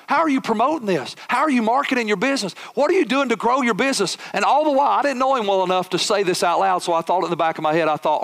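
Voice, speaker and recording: A man preaching a sermon as a pastor, telling a personal story with animated, acted-out dialogue. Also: high voice, racing, creaky, few pauses.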